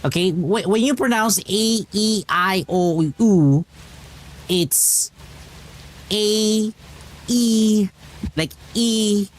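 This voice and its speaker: Slow, high-voiced male game streamer. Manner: rambling and explanatory, with many restarts. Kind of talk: casual live-stream chat.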